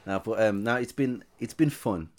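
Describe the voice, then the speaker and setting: Low-voiced man hosting a podcast. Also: moderate pace. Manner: laid-back, hesitant, lots of ums and restarts. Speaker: podcast host. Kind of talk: casual podcast chat.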